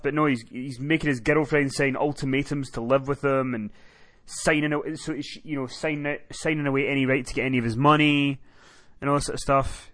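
With a mid-range voice at a brisk pace and a dry recording, a man co-hosts a casual reality TV podcast. He tells stories animatedly and acts out the quotes.

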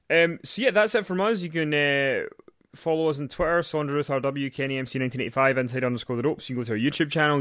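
A man's voice: mid-range voice, a bit bright, no echo. Male podcast host, wry and hesitant, dry close sound. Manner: wry, hesitant, repeats words. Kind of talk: casual podcast chat and sign-off.

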